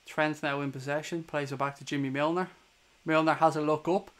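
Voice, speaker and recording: A young man with an Irish accent calls a football match pass by pass for a fan stream. His voice sits a little high for a man, and his talk is quick, partisan and full of swearing when the other side annoys him. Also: fairly even intonation, fairly bright tone. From Ireland. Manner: swears hotly at opposing players. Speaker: fan watchalong streamer doing live commentary. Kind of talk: live play-by-play commentary to a stream chat.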